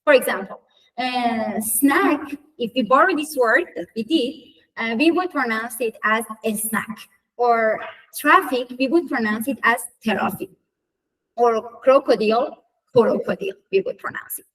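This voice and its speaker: Woman giving a conference talk, kinda high voice, lots of uhs, mic far off. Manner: hesitant, many fillers and restarts. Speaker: student conference presenter.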